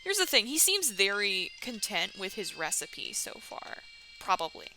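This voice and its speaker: A young woman commentating on a dating game she is playing, giggly, sarcastic and expressive. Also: mid-range voice, a little slow, low-quality recording. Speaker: let's-play host. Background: faint music.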